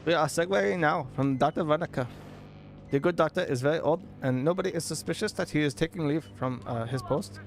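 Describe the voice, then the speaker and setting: A man's voice: on the high side, a little fast, creaky, slight background noise. A man putting on an Indian accent to voice a stiff, overly formal male corporate letter writer.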